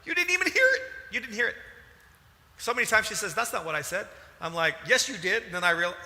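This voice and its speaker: A man preaching a sermon as a pastor, animated and emphatic, with sudden loud bursts. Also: high voice, fast talker. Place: church hall. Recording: large hall reverb.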